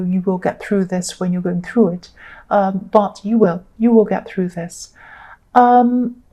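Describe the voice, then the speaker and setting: A woman giving a solo tarot reading, speaking gently and reassuringly with frequent ums. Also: medium pitch. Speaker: tarot reader.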